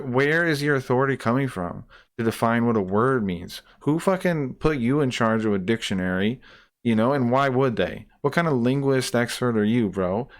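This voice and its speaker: A man ranting in a heated, profane reaction commentary, repeating himself and restarting sentences as he gets worked up. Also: mid-range voice. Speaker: streamer reacting to a debate clip.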